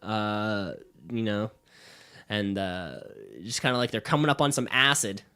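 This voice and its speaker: A man's voice: lowish voice, measured pace, bright, forceful tone, clean tone. A young man co-hosting a casual podcast, recapping a movie with lots of fillers and laughter. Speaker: podcast co-host. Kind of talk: casual chat.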